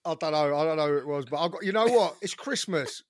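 A man's voice: fairly high pitch, lively intonation, fast talker, dry recording. A man co-hosting a casual boxing podcast, chatty and self-deprecating, a bit hungover. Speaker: podcast co-host.

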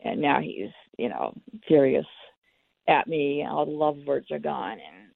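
A woman recounts her own experience in an interview, candid and quick to act out both sides of a conversation. Her voice sits low and gravelly. It comes through a tinny, dry phone line. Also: no echo. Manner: candid, acts out the dialogue. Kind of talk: personal storytelling.

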